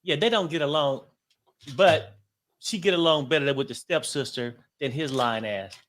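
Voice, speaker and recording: A blunt, slangy co-host in a casual gossip chat, talking at a middle pitch. The manner is crude and joking and never holds back. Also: moderate pace, a bit bright. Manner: blunt, slangy, rhyming jokes.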